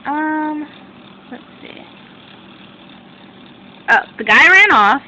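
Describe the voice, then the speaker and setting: A young woman recapping a TV drama in a casual chat to her webcam at home, excitable and rambling, correcting herself as she goes. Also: high-pitched, very slow, pauses often, a little hiss or hum, poor audio. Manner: excitable, rambling, self-interrupting. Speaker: drama reviewer.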